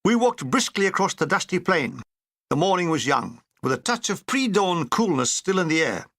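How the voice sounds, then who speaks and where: A man's voice: high voice, very animated, normal speed, creaky, a bit bright, dry recording. A man reading a comic war memoir aloud with dry, wry storytelling. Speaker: audiobook reader.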